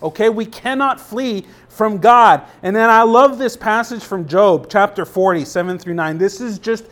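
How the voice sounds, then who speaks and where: A young pastor with a fairly high voice preaches in an easygoing, conversational style, stopping to ask the congregation if they follow. When he reads scripture aloud, his voice rises with emphasis. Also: moderate pace, a bit bright. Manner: conversational, checks in with the congregation often. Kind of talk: sermon.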